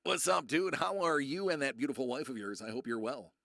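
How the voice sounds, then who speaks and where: A young man with a gravelly, bright, forceful voice tells a long rambling story to viewers in a live chat. He keeps restarting his sentences. The sound is close and dry. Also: mid-range voice, animated, fast, no room sound.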